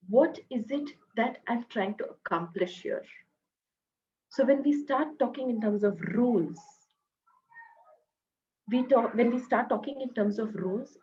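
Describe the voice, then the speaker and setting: A woman with an Indian English accent giving a parenting talk, speaking gently and modeling the phrases parents can say to their children. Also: on the high side, dull audio.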